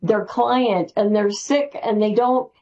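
Slow-speaking woman guest on a dull line. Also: medium pitch. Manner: excited, rambling with restarts. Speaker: spiritual author guest. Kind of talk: interview answers.

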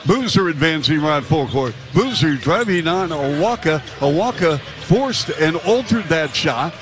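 Fast, punchy play-by-play man. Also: a little high, expressive, music in the background. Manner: rapid, punchy calls that rise to shouts on big plays. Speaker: play-by-play announcer. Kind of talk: live basketball commentary.

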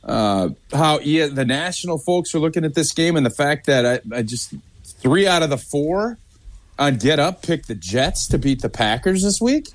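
A man co-hosting a casual sports podcast, giving his game pick with halting restarts. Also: fairly high pitch, sing-song. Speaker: podcast co-host.

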